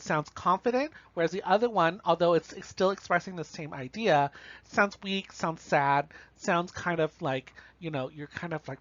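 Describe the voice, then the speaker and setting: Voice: mid-range voice, a bit bright, no room sound. A college instructor giving a recorded online lecture on writing, casually talking through examples and often checking in with "right?" and "you know". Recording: slightly dull, dry recording.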